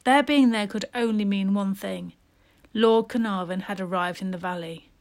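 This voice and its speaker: A woman narrating a first-person children's story in a steady, expressive reading voice. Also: mid-range voice, normal speed. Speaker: storybook reader.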